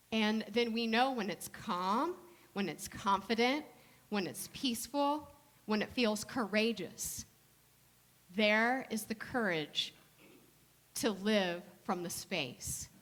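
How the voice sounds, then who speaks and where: Woman minister preaching, kinda high voice, chatty storytelling, slows way down to make a point. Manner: conversational storytelling with slow soft emphasis. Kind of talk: sermon.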